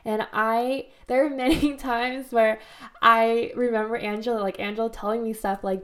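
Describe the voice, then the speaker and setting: A woman's voice: on the high side, normal speed, fairly bright tone. A young woman co-hosting a podcast, speaking in a reflective, supportive way with frequent "like". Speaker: podcast co-host. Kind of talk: casual chat.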